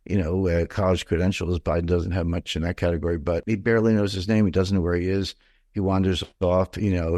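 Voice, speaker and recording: A man's voice: low voice, a little mellow, no echo, clean studio sound. An older man, a financial commentator, giving blunt, opinionated and rambling answers in an interview.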